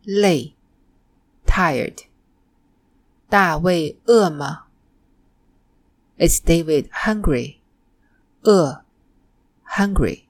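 A woman teaching a Mandarin lesson in a scripted narration, modeling example phrases slowly and carefully. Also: fairly low pitch, lively intonation.

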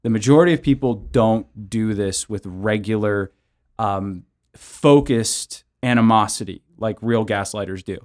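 A man's voice: on the low side, unhurried, darkish tone. A man who is a pastor and show host, giving conversational Bible teaching and practical counseling advice in an earnest way, often adding "right?". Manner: earnest, with frequent tag questions of "right?".

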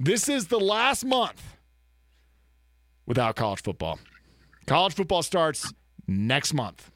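A man's voice: on the high side, wildly swooping pitch, slow, fairly bright tone, no echo, studio quality. A man, co-hosting a casual sports talk show, joking and trash-talking. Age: 30s. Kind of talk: casual chat.

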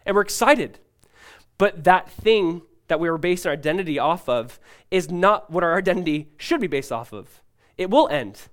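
Animated, chatty preaching man, high voice. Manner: animated and conversational, with many "like" asides and quick restarts; voices quoted people with sudden high excited bursts. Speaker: pastor. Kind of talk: sermon.

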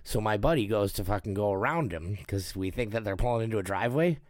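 A young man telling a story in casual chat, his pitch swinging widely as he acts out the voices of friends and strangers. He swears freely and talks in an animated way. The recording is close and dry, with no room sound. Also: fast talker, no echo.

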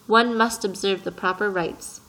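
A woman voicing a wise, patient male fox in a storybook, reading in a gentle, earnest way. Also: mid-range voice, fairly even intonation, measured pace, low-quality recording. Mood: eager.

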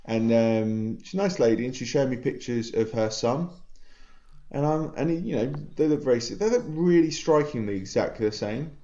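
A man's voice: mid-range voice, lively intonation, moderate pace, warm tone. Guy on a dull-sounding video call, lots of ums, chatty podcast co-host. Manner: laughing at himself, hesitant with frequent ums. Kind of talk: casual podcast chat.

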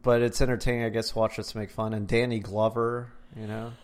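A man's voice: fairly low pitch, flat delivery, quick pace. A man co-hosting a casual podcast, trashing movies bluntly and trailing off into mumbles. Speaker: podcast co-host. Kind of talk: casual chat.

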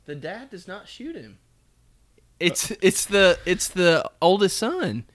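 A man's voice: high voice, big pitch swings, takes it slowly, no echo. A young man talks in a casual chat. He tells a long story and keeps restarting his sentences. The recording is close and dry. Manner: rambling storyteller with many restarts. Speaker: podcast co-host.

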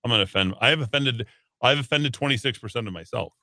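A man's voice: mid-range voice, fast, sharp tone, no echo, studio quality. A man hosting a talk radio show, reading listener texts aloud with sarcastic jokes. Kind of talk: casual radio banter.

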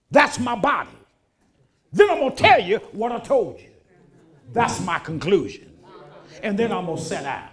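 An older man delivers a church sermon. His voice sits high and moves through a wide, animated range. He builds from folksy talk into strong, emphatic preaching.

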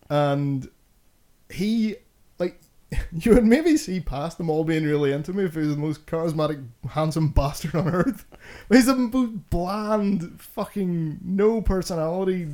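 A man's voice: a little high, darkish tone. A man hosting a casual podcast chat. He rants about what he dislikes, swears heavily and laughs between his complaints. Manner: ranting, heavy swearing. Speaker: podcast host.

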